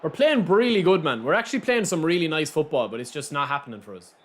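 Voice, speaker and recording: A young Irish man streams a football video game live, chatting to his viewers and reacting to every pass and miss. His voice sits a little high and jumps around a lot as he talks. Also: expressive, fast. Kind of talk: live gameplay commentary.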